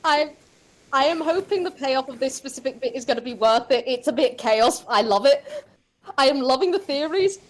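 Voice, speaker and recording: A woman's voice: sits high, animated, moderate pace. A woman narrating a tabletop game as game master, chatty and full of fillers.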